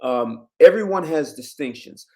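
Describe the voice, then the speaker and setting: A man giving relationship advice to camera in an emphatic, lecturing way, jumping up in pitch on key words. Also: lively intonation, a little slow, darkish tone. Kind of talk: direct-to-camera commentary.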